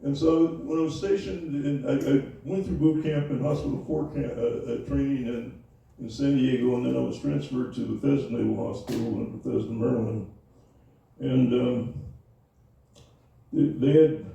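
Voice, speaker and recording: An older man tells his memories slowly and haltingly, often pausing on fillers and starting over. His voice is dark and gravelly. The recording is echoey and comes from some distance away from the mic. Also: medium pitch, highs cut off. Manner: halting, many fillers and restarts. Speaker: interviewee, Navy veteran. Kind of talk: oral history interview. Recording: echoey room, voice from far off.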